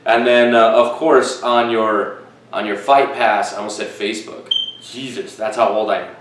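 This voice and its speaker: A man's voice: medium pitch, moderate pace, far from the mic. Rambling, cussing man in an echoey room. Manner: profane, rambling, self-correcting. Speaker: podcast host. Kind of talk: casual solo podcast chat. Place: living room with fish tank and fan. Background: fish tank, fan, dogs outside.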